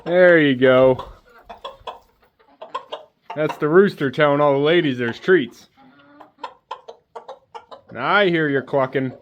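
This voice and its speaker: A man's voice: fairly high pitch, takes it slowly, pauses often, highs cut off, slight background noise. Man chatting to his chickens outdoors. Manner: chatty, talks fondly to his chickens and ducks. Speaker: homesteader vlogger. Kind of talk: casual narration while doing farm chores. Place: outdoors on a homestead with poultry.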